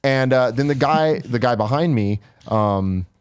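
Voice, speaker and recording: A man co-hosting a casual podcast chat, his voice sitting at a middle pitch. He tells stories at an easy clip and puts on other people's lines as he goes. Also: lively intonation, unhurried, clean tone. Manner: storytelling, acts out quoted voices. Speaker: podcast co-host.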